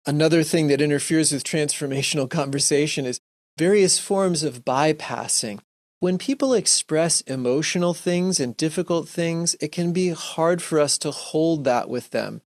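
A man with a slightly high voice gives an earnest, gentle talk on faith and listening. He often restarts his sentences and plays out short examples. The sound is dry and close, with no room echo. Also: moderate pace. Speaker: speaker giving a Lenten talk. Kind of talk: reflective talk to a Christian audience.

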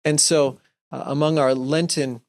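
Earnest man giving a gentle Christian talk. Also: fairly high pitch, fairly even intonation, unhurried, no echo, studio quality. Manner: gentle, earnest, with frequent restarts and acted-out examples. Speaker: speaker giving a Lenten talk. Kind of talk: reflective talk to a Christian audience.

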